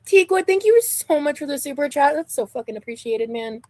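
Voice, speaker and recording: A woman's voice: sits high, lively intonation, a little fast, a little mellow, no room sound. A woman streamer in pain, thanking viewers effusively and swearing casually. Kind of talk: casual live stream chat.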